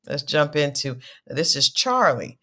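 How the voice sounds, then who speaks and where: A woman's voice: deep voice, big pitch swings, a little slow, pushed and bright. A woman co-hosting a casual reality-show recap, chatty and giggly, with restarts. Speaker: co-host.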